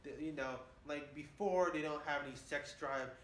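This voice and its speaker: A man's voice: a little high, normal speed, a bit bright. A man in his twenties rambling boastfully in a casual monologue, often saying "man". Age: 20s. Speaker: vlogger. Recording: echoey room with faint hiss.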